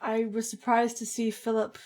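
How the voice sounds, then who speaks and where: A woman's voice: fairly high pitch, completely flat delivery, normal speed, a little mellow, natural voice. A woman playing a flustered young student in a tabletop game, fumbling through excuses.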